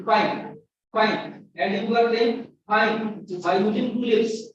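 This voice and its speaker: A man's voice: high-pitched, darkish tone, a little hiss or hum. A man with an Indian English accent teaching a pronunciation lesson, spelling out words letter by letter and repeating each one. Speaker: university lecturer. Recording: dull echoey room from far off.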